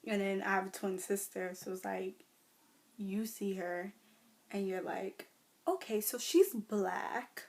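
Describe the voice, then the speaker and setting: A young American woman, talking casually to camera about her life, swinging between loud mimicry and near whispers. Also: creaky. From United States. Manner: animated storytelling, mimics others in loud high voices, drops to near whispers. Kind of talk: casual vlog rant. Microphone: phone or webcam.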